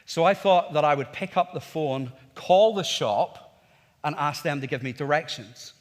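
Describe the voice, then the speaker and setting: A man's voice: on the high side, moderate pace. A man in his forties with a Northern Irish accent, preaching a sermon in a conversational storytelling way, with rhetorical questions. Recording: reverberant church hall.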